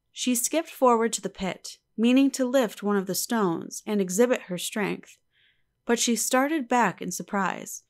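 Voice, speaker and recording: A woman reading a classic novel aloud in measured, calm scripted narration. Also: fairly high pitch. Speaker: audiobook narrator.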